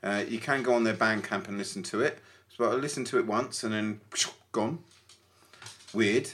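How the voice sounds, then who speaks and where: A man co-hosting a podcast, chatting casually in an animated way with stumbling restarts. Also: on the low side, normal speed. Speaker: podcast co-host. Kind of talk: casual chat.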